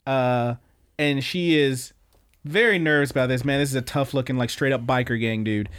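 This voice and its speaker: Speaking at normal speed with a medium-pitched, clear and resonant voice, a young male podcast co-host goes over anime episodes. The recap is relaxed, rambling and profane, with animated character voices when he quotes.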